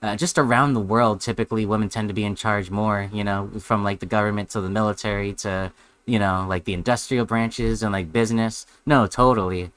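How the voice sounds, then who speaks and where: A man's voice: on the low side, fairly even intonation, a little fast, fairly bright tone, smooth, dry recording. A man streaming a live reaction, sarcastic and rambling, with heavy swearing.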